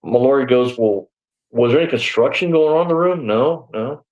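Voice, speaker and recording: A man's voice: mid-range voice, normal speed, a little mellow, low-quality recording. A man in his sixties, a former deputy, telling his story in a live interview. He rambles a little, leans on "you know" and "man", and acts out the back-and-forth of the people he quotes.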